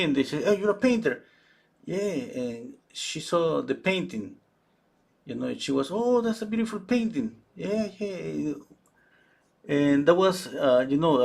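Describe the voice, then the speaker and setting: A man's voice: mid-range voice, breathy edge. A man in his thirties, a painter telling a story in a rambling, casual way while he paints. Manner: rambling, fillers and restarts, chuckling.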